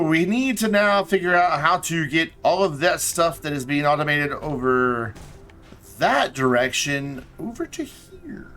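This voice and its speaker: A man's voice: fairly high pitch, sharp tone. A man casually commenting while he plays a game on a live stream, thinking aloud and chatting to the things on his screen. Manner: chatty, talks to himself and to objects in the game; mumbles and repeats himself while thinking aloud.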